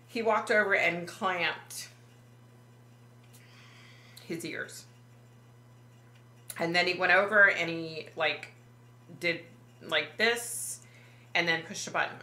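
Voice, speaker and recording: A woman with a low, bright-edged voice tells a story to her camera in a halting, emotional way, stumbling over fillers. She sounds like a psychic vlogger speaking casually to her viewers. The room is roomy, with a faint hum behind her. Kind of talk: personal vlog storytelling.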